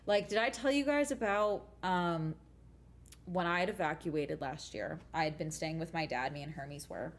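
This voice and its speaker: A woman's voice: sits low, moderate pace. Woman streamer telling emphatic, swear-laden stories. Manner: profane, emphatic, keeps adding "okay?". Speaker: livestream host chatting with viewers. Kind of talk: casual rambling storytelling. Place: at home.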